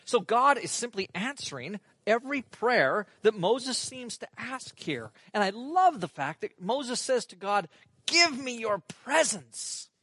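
A man preaching an earnest, animated sermon as pastor, reading scripture and exclaiming over it. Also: high voice, measured pace, few pauses, slightly rough, dry recording.

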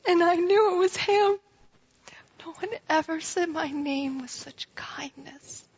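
A woman's voice: very high-pitched, normal speed, fairly bright tone, highs cut off. A woman playing Mary Magdalene in a dramatic biblical monologue, speaking intimately and sometimes dropping to a whisper. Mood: tender. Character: Mary Magdalene, grieving then joyful woman.

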